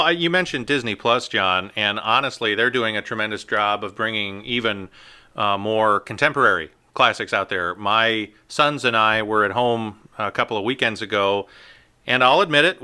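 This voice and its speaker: Bright, smooth-voiced upbeat man. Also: medium pitch. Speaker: podcast co-host. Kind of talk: casual chat.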